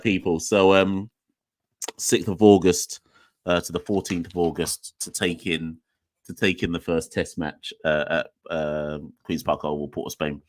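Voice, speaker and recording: Brief: young male podcast host, very low voice, dry close sound, rambling and self-deprecating. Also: dry recording. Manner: rambling, jokey, self-mocking. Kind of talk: casual solo sign-off chat.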